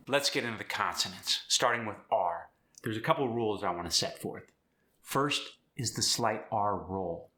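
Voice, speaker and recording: A man's voice: lowish voice, pushed and bright. A man teaching an in an upbeat, step-by-step tutorial. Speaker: accent coach. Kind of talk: instructional tutorial.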